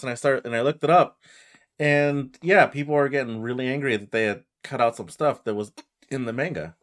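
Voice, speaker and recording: A man's voice: mid-range voice, a little fast. A young man with the hiccups in casual chat about anime, easygoing and hesitant with many fillers.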